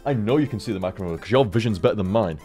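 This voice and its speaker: A man's voice: lowish voice, animated, very fast, dark tone, soft background music. A young man streaming from home into a desk microphone, rambling casually, swearing freely and chatting to his cat. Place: home room. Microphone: studio microphone on a desk stand.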